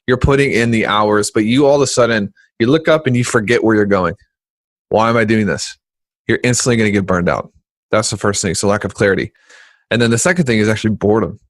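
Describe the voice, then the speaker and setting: A man co-hosting a business podcast in a casual, joking chat, animated and quick to poke fun. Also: fairly low pitch, no echo. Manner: animated, joking, jumps into voices when quoting people. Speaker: podcast co-host.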